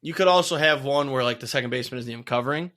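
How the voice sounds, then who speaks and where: A young man co-hosting a podcast, chatting casually with animated, swearing storytelling. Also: mid-range voice, rapid-fire. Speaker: podcast co-host. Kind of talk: casual chat.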